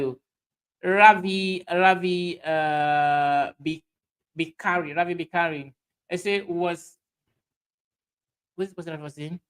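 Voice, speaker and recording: A man with a Sierra Leonean Krio accent hosting a livestream, reading out viewer comments in halting speech full of fillers and restarts. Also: a little high, steady tone, a bit bright, smooth, rough recording. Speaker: livestream host.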